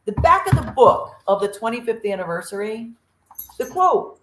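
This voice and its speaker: A woman's voice: fairly high pitch, big pitch swings, normal speed, a bit bright, a little hiss or hum. Earnest woman co-host in an echoey room. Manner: earnest, storytelling, acts out quotes. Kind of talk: casual motivational chat.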